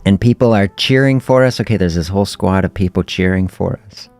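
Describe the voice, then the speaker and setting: A middle-aged man with an exceptionally deep voice hosts a health podcast livestream and tells stories casually. He sounds relaxed and reflective and chuckles often. Soft music plays faintly underneath. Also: brisk, smooth, no room sound. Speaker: host of a fasting health podcast.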